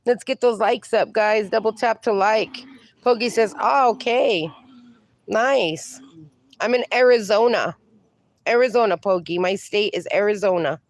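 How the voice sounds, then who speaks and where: An American woman hosts a casual livestream in a mid-range, unhurried voice, reading viewer comments aloud and cooing at her dogs. She sounds a bit sniffly from allergies.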